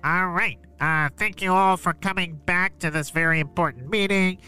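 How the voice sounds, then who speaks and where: A man's voice: high-pitched, normal speed, clear, resonant tone, soft background music. A man voicing an eager, fawning henchman who hesitates with many uhs. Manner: bright, hesitant, uh-filled.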